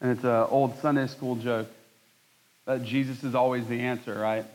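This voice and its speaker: A man in his thirties preaching a conversational sermon, joking at his own expense with lively asides. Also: mid-range voice, normal speed, poor audio. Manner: conversational, self-deprecating, animated asides. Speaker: pastor.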